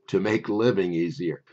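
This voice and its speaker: Taking his time, an older man who runs a memory course recounts a personal story with wry, conversational charm, then pitches the course. His voice is expressive and mellow, and the sound is lo-fi.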